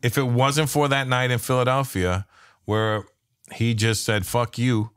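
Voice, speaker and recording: Swearing liberally, this Canadian comic in his fifties spins stories in a casual conversation and animatedly performs the voices of those he quotes. His mid-range voice is a little slow, clear and resonant, with studio quality and no room sound.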